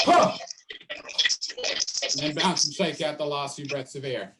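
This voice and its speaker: A man leading a drama workshop, talking participants through a physical and vocal warm-up with steady, repetitive cues and playful asides. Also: high-pitched, moderate pace, very noisy. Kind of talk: guided warm-up instructions.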